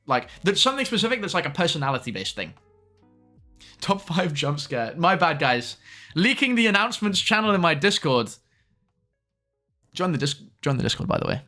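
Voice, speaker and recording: A young man streams live and chats casually, tossing quick asides to his viewers. His voice sits a little high and sounds bright and forward. Faint music plays behind him. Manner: chatty, quick asides to chat.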